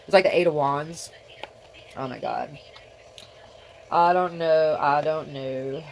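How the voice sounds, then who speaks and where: A woman's voice: sits low, steady tone, measured pace, a little mellow, slight background noise. A middle-aged woman vlogging alone, rambling in a scattered way, often trailing off mid-thought. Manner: scattered, talking to herself, trailing off. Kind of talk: rambling solo video chat.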